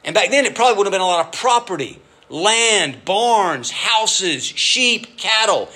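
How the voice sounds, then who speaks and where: A middle-aged man preaching a sermon in a lively, conversational way, with frequent asides to his listeners. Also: high voice, a little slow. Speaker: pastor.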